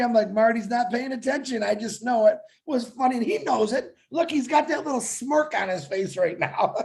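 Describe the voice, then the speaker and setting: A man's voice: very high-pitched, gravelly, a little mellow. A man co-hosting a webinar, chatting casually and telling jokey stories with a laugh. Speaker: webinar co-host. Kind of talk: casual promotional webinar chat.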